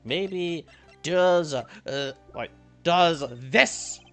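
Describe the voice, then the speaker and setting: A man's voice: a little high, very slow, soft background music. A man casually commenting while playing a game, swearing freely and reading lines aloud. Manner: animated, swears freely, reads dialogue aloud. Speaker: game streamer. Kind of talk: casual let's play commentary.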